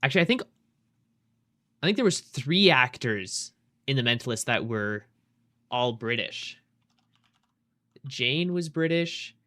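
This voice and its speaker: A man's voice: medium pitch, bright, forceful tone. Casual swearing young male streamer. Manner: loose, swearing, chatting with viewers. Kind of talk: casual live-stream chat while gaming.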